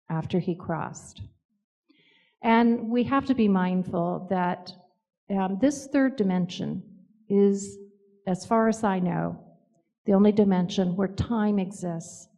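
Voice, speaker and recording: Slow, measured woman in a reverberant space. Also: mid-range voice, a little mellow. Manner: measured, with hesitant pauses and fillers. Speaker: author speaking about grief and spirit visits. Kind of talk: reflective storytelling talk.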